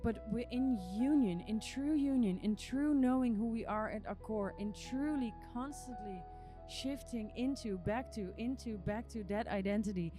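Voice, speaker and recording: A woman's voice: on the high side, normal speed, dark tone, faint music behind. A woman who is not a native English speaker, hosting a podcast and talking in an earnest, emotional spiritual monologue with repeated phrases. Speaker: podcast host.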